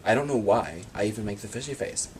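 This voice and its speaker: A man telling absurd comic stories about his free time in a deadpan monologue. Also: fairly low pitch, fast talker, a little hiss or hum. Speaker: vlogger.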